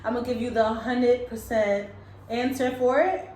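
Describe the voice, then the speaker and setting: A woman's voice: a little high, steady tone, normal speed, a little mellow. Wry, candid woman in an echoey room. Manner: candid, wry storyteller, swears casually. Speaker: podcast co-host. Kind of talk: casual chat. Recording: echoey room with faint noise.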